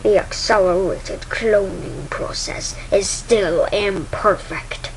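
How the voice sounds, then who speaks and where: A woman doing a menacing male dark lord from a video game, cold and unhurried, dragging every word out in a slightly lowered, soft voice. A faint hiss of noise sits under the home recording. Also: gravelly, rough recording. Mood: cold, ominous. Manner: very slow, drawn-out delivery. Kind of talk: retelling a game scene in voices.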